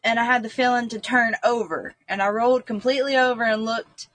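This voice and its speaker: A woman's voice: a little high, brisk, a bit bright, no room sound. A woman, a guest earnestly recounting a personal story, rambling with frequent fillers. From North Carolina, US.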